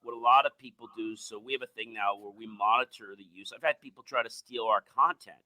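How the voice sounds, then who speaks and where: A man hosting a podcast, talking casually and telling animated stories, mimicking other people's voices. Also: medium pitch, brisk, low-quality recording. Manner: animated storyteller, acts out quoted voices. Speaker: podcast host.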